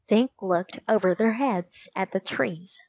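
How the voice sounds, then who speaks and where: Slow, measured woman storyteller. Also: medium pitch, darkish tone. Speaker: narrator. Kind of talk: storybook narration.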